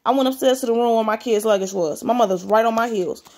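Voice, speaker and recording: A woman's voice: a little high, fast talker, a little mellow. A woman reading a story aloud, breaking off for blunt, slangy comments of her own. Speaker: story reader.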